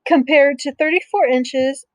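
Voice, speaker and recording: Gentle teacher woman reading aloud. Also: sits high, no echo, rough recording. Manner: gentle, explains slowly with simple asides. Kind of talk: reading a picture book aloud to young students.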